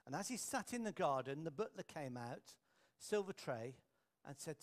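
A man's voice: a little high, expressive, normal speed. Earnest storytelling male preacher. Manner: anecdotal, earnest, drops quiet for emphasis. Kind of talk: storytelling sermon.

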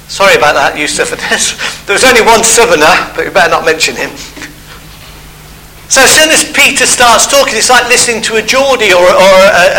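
A man's voice: high voice, bright, forceful tone, a little hiss or hum, poor audio. A man preaching a sermon, telling a Bible story and acting out the characters' voices.

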